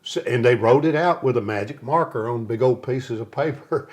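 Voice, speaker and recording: A man, a guest on a talk show, telling stories in a relaxed and lively way. His voice sits in an ordinary middle pitch, and he slips into the voices of the people in his stories as he tells them. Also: normal speed. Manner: lively storyteller who acts out other people's lines. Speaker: interview guest, singer. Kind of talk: storytelling in a casual interview.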